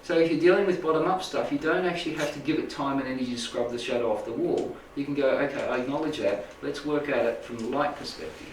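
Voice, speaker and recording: Recorded in an echoey room through a distant mic with a little hiss or hum, a spiritual healing teacher speaks at a quick pace with hardly any pauses. His medium-pitched voice carries a rambling, informal talk to a small live group, full of "right?" and "make sense?".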